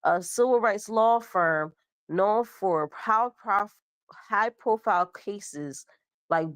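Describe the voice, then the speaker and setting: A woman's voice: mid-range voice, slow, a bit bright, no room sound. A young woman host with a cold, stuffed up, casually reading out a news story and stumbling over words. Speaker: show host.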